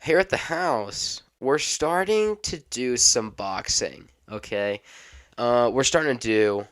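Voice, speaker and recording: A young man hosting a casual solo podcast, rambling off the cuff and stopping now and then to cough and clear his throat. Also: mid-range voice, animated, slow pace, a bit bright. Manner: rambling, unscripted, self-interrupting. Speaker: podcast host.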